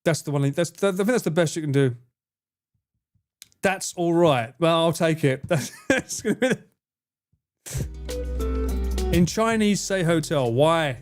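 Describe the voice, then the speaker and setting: A man's voice: on the high side, lively intonation, normal speed, faint music behind. A man streaming live, chatting casually with his viewers, swearing freely and laughing a lot as he answers chat.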